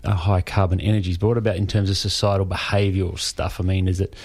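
A man's voice: low voice, level tone, quick pace, darkish tone, breathy edge. A male radio host from Australia, chatty and wordy as he asks his questions. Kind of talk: casual radio chat.

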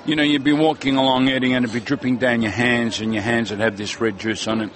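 A man's voice: medium pitch, steady tone, fast talker, a bit bright, slight background noise. Market man, chatty about food. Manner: enthusiastic, food-loving, hesitant fillers. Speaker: fruit and vegetable seller. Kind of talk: casual market chat. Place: outdoor market.

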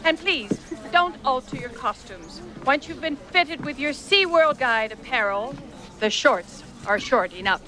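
Film clip: brisk, instructive park guide boss with a high, lively voice. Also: female voice, exaggerated voice. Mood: instructing. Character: bossy female theme park guide trainer.

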